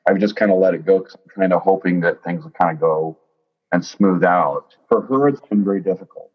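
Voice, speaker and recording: A man in his fifties telling his own story in an interview, earnest and lively, often quoting what others said. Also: low-pitched, a little fast, slightly rough, highs cut off. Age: 50s. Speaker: interview guest. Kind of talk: candid personal storytelling.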